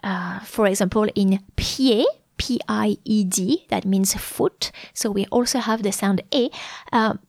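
A woman's voice: mid-range voice, unhurried, vocal fry, darkish tone, no echo, studio quality. A woman hosting a podcast pronunciation lesson, explaining patiently step by step and spelling out letters, with frequent fillers. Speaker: French teacher and podcast host. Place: Melbourne, Australia.

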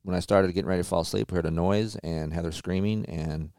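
A man's voice: low-pitched, fairly even intonation, fast, a little mellow, no echo, studio quality. A man hosting a podcast, telling a story casually with frequent swearing. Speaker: podcast host. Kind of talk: casual chat.

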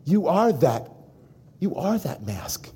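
A man who is a rabbi, delivering an animated sermon and speaking directly to his congregation. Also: a little high, takes it slowly, slightly rough. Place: synagogue before a congregation.

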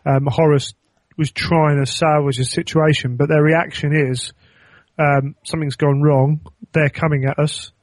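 A man's voice: on the high side, flat delivery, measured pace, no room sound. A man in casual discussion, explaining his view thoughtfully with frequent ums.

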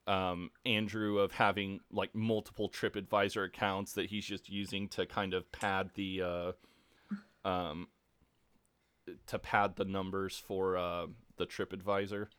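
A man's voice: sits low, flat delivery, a little slow, fairly bright tone, clear, resonant tone, dry recording. A man co-hosting a podcast, casually recapping a show with lots of ums and restarts. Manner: laid-back, many ums and restarts, laughs often. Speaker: podcast co-host.

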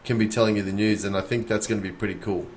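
An Australian man with a lowish voice co-hosts a casual podcast. He chats with enthusiasm and comes back energized after every pause. His talk runs in quick, animated bursts. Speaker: podcast co-host.

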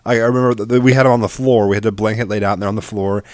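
A man's voice: fairly low pitch, fairly even intonation, racing, darkish tone, no room sound, studio quality. A young man co-hosting a casual podcast chat, telling stories in a rambling, profane way with many restarts. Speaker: podcast co-host.

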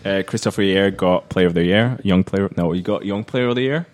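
A man's voice: low-pitched, brisk. A Norwegian man with a Norwegian accent, a podcast panelist talking football in a hesitant, considered way. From Norway. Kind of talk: casual football chat.

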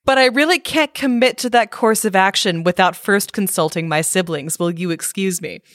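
Woman voicing a prim little billy goat, storybook parody, polite, evasive, slightly high, dry. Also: moderate pace, a bit bright, no echo, lightly acted. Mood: prim evasion. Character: smallest billy goat, male, courteous and evasive.

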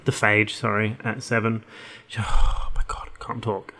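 A man's voice: fairly low pitch, flat delivery, moderate pace, sharp tone. A young man, co-host of a podcast, chatting casually and rambling through an episode recap with lots of laughter and self-mockery. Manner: giggly, rambling, self-mocking.

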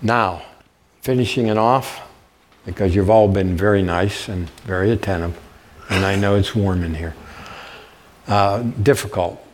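An older man gives a public history lecture with slides in a warm lecture room, telling folksy stories and often checking in with "okay?" His voice is deep and a little slow, with frequent pauses and a little hiss or hum on the recording.

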